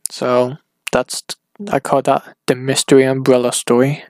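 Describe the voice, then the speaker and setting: A man talking alone on his podcast in a rambling, casual way, halting often and restarting his sentences. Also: mid-range voice, flat delivery, a little mellow, no echo. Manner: hesitant, halting, full of restarts and fillers. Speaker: solo podcaster. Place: at home.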